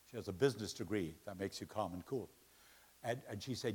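Middle-aged preacher in a reverberant hall. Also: male voice, lowish voice, quick pace, breathy edge. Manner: joke-telling, swings from loud laughing excitement to quiet earnest appeals. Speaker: pastor. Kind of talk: sermon with humorous storytelling. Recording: long reverb of a large hall.

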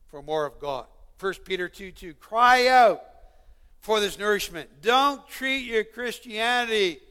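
A man's voice: high-pitched, sharp tone, smooth. A man preaching a sermon, earnest and pleading, building to fervent calls to his listeners. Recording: long hall reverb.

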